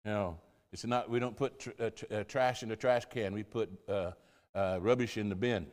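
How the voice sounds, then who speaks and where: A man's voice: on the low side, steady tone, moderate pace. An older American man, a missionary pastor, telling stories in a sermon style, rambling with many fillers and repeated words. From United States. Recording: long hall reverb.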